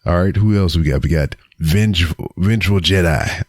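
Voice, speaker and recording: A man's voice: sits low, moderate pace, hardly any pauses, dry recording. A man hosting his own podcast, talking casually to camera and cursing through a joking roast. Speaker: podcast host. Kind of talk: casual solo podcast segment. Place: home recording setup on camera. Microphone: camera with mic.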